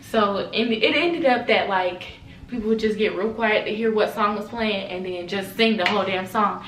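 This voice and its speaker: Animated woman telling a storytime, roomy. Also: medium pitch, moderate pace. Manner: animated, slangy and profane, acts out quotes. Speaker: storytime vlogger. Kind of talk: casual storytelling to camera. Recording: echoey room, mic at a distance.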